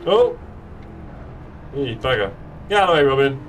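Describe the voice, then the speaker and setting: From his home sim racing setup, a man live-streams a sim racing game and chats playfully with friends. He talks fast and expressively at medium pitch, sitting far from the mic, with a little hiss or hum in the background.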